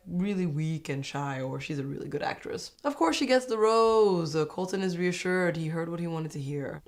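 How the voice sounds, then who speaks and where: A young woman doing a casual, opinionated recap of a reality show, chatty and sarcastic, sometimes mimicking people in a high mocking voice.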